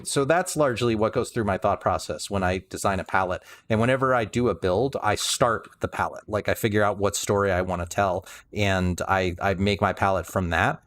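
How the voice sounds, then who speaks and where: A man's voice: deep voice, a bit bright, slight background noise. A man livestreaming a building game, rambling casually with many restarts and some dry sarcasm.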